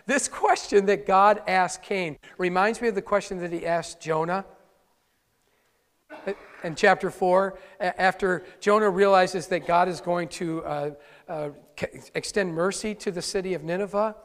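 High-voiced male pastor in a reverberant hall. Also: measured pace. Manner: conversational preaching with wry asides. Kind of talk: sermon.

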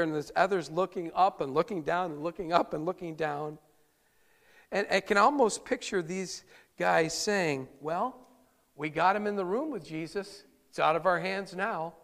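A male pastor preaching a sermon, telling the story in an animated way with frequent chuckles. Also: sits high. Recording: long hall reverb.

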